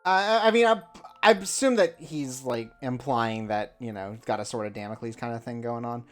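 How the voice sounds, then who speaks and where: Low-voiced woman co-hosting a game stream. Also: brisk, soft background music. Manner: summarizes the plot with joking quotes. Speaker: stream co-host. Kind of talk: casual game-stream chat.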